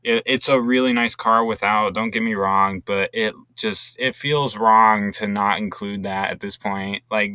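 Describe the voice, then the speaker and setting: Young male vlogger, bright, dry close-mic sound, eager and rambling. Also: on the low side, clear, resonant tone, dry recording. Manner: enthusiastic, rambling with restarts. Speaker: gaming video creator. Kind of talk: casual commentary.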